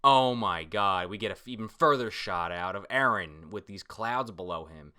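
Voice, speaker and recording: An excitable man talks his way through a comic chapter, reacting as he goes. His voice is bright and tense, and he swears freely. He breaks in with loud exclamations between his descriptions. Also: lowish voice, normal speed, hardly any pauses, smooth. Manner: excitable, profane, frequent exclamations. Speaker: manga reader reacting to a chapter. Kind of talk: excited read-through commentary.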